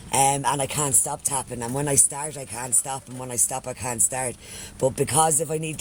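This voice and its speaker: A man's voice: mid-range voice, slight background noise. An Irish man chatting casually on a live stream, swearing freely and thanking followers by name. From Ireland.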